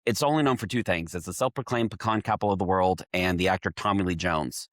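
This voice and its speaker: A man from Texas, a winemaker guest on a podcast, telling a story in steady detail. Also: low-pitched, fast, dry recording, studio quality. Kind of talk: casual chat.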